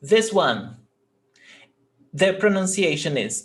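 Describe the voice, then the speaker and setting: A man's voice: a little high, expressive, slow pace. A man teaching a live language lesson in English, patiently repeating each word for his learners. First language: Portuguese. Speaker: Portuguese teacher.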